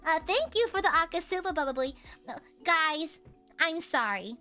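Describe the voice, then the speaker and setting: Woman, streamer, playful teasing chat, slight Southern accent, lingering cough, bright voice, faint music behind. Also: extremely high pitch, sing-song, a little slow. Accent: slight American Southern. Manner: playful, teasing, bursts into shouting. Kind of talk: casual live-stream chat.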